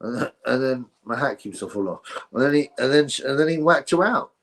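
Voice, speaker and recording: Brief: male stream host, mid-pitched, offhand and sarcastic, chatting loosely with viewers. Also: lively intonation, a little fast. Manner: rambling, sarcastic, reads out chat. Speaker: livestream host. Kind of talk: casual livestream commentary.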